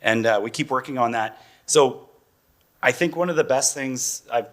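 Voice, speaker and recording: A man's voice: mid-range voice, moderate pace, fairly bright tone. A man in his forties, a parent guest on a panel, talking in a chatty, loose way and laughing often. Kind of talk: casual panel talk.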